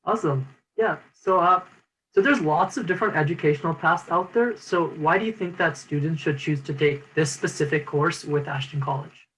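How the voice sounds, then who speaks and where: A man with a fairly high voice who hosts an online info session. He asks prompting questions and backs up the guest with short, agreeing replies. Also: moderate pace, fairly bright tone, rough recording. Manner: brief affirming responses, friendly prompting questions. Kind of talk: interview on a video call.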